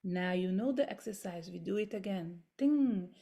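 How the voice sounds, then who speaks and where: A woman leading a voice workshop over a video call, gently coaching step by step through exercises in English that is not her first language. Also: medium pitch, animated, normal speed. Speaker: voice workshop leader. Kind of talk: guided voice and body exercises.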